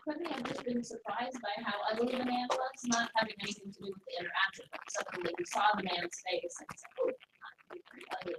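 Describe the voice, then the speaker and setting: A woman's voice: a little high, fast, hardly any pauses. A woman in a class audience asking a tentative question. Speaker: class participant. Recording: echoey room, far from mic, noisy.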